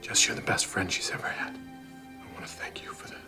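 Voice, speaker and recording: An actor playing a grieving father who speaks softly to a boy. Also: moderate pace, whispered, over music, close to an everyday voice. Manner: soft, hushed.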